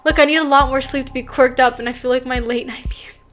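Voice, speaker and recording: A woman's voice: high voice, fairly even intonation, quick pace, fairly bright tone, faint music behind. A young woman streamer chatting casually with her viewers. She is giggly and talkative, and she reads chat messages aloud.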